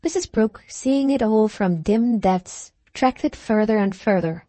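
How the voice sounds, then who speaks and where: A woman narrating a classic novel as an audiobook, reading in an even, measured way. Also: mid-range voice, no room sound.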